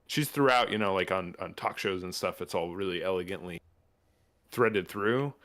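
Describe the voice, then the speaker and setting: Low-voiced man in enthusiastic casual chat. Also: normal speed, fairly bright tone. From New Mexico, USA. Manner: enthusiastic, rambling, many fillers and restarts. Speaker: podcast host.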